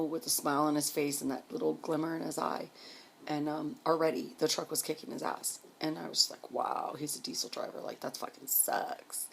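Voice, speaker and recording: A woman casually telling a personal story, blunt and full of swearing, clearing her throat now and then. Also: low voice. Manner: blunt, profane, candid.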